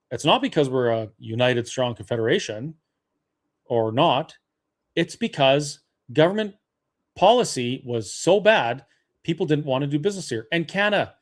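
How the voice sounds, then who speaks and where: A man from Alberta hosting a webinar, arguing a political case point by point with frequent fillers and restarts. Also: a little high. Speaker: webinar host. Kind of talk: persuasive political talk.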